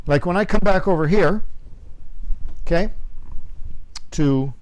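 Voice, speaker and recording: A man's voice: fairly high pitch, a little mellow, clean tone. A man teaching a video production lesson. He talks into a clip-on mic in a small studio, repeats his words, and keeps checking in with his students. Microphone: clip-on lapel mic.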